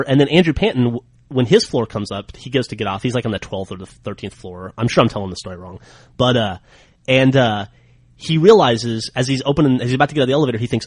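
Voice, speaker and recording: A man hosting a podcast who tells a story in casual chat, animated and chatty. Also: medium pitch, very fast, slightly rough, dry recording. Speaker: podcast host.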